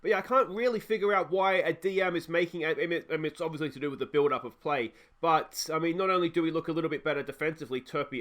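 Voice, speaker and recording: A young Australian man narrates his football management game live, chatty and quick to get excited. His voice sits a little high, and he breaks off to talk to his players. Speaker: let's play host.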